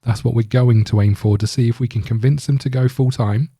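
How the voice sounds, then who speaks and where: A man's voice: mid-range voice, fairly even intonation, a little fast, warm tone, husky, no room sound, clean studio sound. A man hosting a casual gameplay commentary, rambling with many fillers and restarts. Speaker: gaming channel host.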